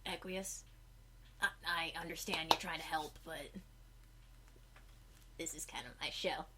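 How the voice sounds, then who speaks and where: A woman hosting a cosplay comedy recap of a film, rambling crudely with constant swearing and putting on quick voices for the characters. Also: deep voice, steady tone, pushed and bright, a little hiss or hum.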